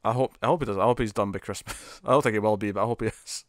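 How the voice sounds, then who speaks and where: A man's voice: on the low side, steady tone, very fast, no echo, studio quality. A man co-hosting a podcast and chatting casually about TV episodes, speaking with lots of restarts, repeated words and fillers. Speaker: podcast co-host. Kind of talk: casual chat reviewing TV episodes.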